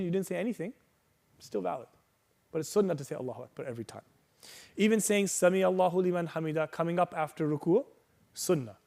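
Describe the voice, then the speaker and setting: Reassuring and patient, this man teaches about prayer in a workshop setting, weaving in Arabic recitations and frequent "okay?" and "right?" checks. He has a high, slightly mellow voice.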